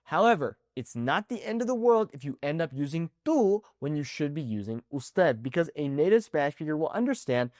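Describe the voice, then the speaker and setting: A man teaching an online language lesson, animated and often checking in with "okay?". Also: on the high side, fairly quick, few pauses, no echo, clean studio sound. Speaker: Spanish teacher.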